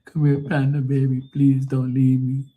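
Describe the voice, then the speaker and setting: A man's voice: mid-range voice, monotone, normal speed, dark tone, pitched above the performer's own voice, natural voice. A man putting on a whiny, pleading lovesick man with a mock Irish accent.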